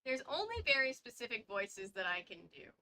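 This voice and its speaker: A woman's voice: fairly high pitch, very animated, brisk, pushed and bright, low-quality recording. A woman hosting a casual book read-along, reading aloud with stumbles and chatty asides. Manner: reads aloud with stumbles and side comments.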